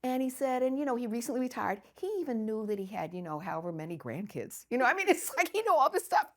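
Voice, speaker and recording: An older woman from the United States, recounting memories in an interview with lively storytelling and frequent laughter. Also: fairly high pitch, quick pace. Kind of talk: oral history storytelling.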